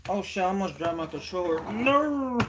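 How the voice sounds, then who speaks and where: Young streamer rambling on a live stream, cussing a lot, keeps correcting itself, mid pitch. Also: measured pace, noisy background. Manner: rambling, self-correcting, profane. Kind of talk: casual live-stream chat.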